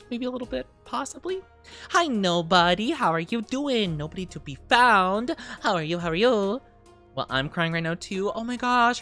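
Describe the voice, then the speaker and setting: Giggly woman streamer with lively pitch. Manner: giggly, chatty, reads chat aloud. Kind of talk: casual livestream chat.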